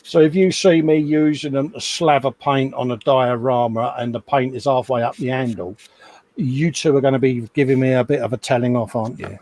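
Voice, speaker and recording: A man's voice: medium pitch, steady tone, a little fast, a little mellow, dry recording. A man with a Cockney accent co-hosting a casual live stream, teasing and trading banter. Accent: London Cockney. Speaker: co-host.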